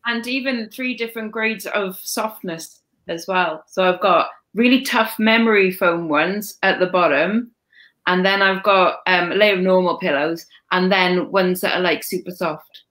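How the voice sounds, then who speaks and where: A woman's voice: lowish voice, measured pace, fairly bright tone. A woman with a slight Welsh lilt chatting casually as co-host, self-deprecating and often restarting her sentences. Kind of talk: casual chat.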